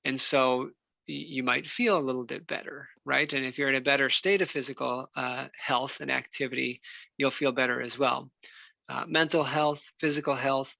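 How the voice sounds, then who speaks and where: A man, a physical therapist giving a relaxed, unscripted health talk full of fillers and restarts. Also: medium pitch, moderate pace, gravelly, no room sound. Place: church hall.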